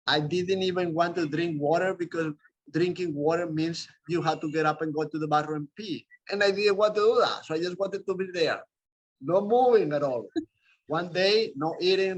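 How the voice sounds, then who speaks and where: A South American man with a fairly high voice, presenting in a medical talk series, tells a personal story in a loose, rambling way full of restarts and asides. The recording quality is low.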